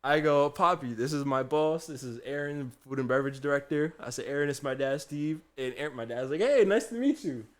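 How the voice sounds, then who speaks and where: A man's voice: mid-range voice, brisk, few pauses. Laughing man telling a work story. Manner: animated storyteller, acts out quotes, laughs a lot. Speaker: podcast co-host, chef. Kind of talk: casual chat, storytelling.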